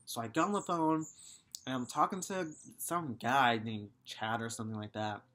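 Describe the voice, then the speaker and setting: A man's voice: mid-range voice, moderate pace, bright, forceful tone. Young man ranting through a story. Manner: profane, exasperated storytelling. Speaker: vlogger. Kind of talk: casual storytime rant.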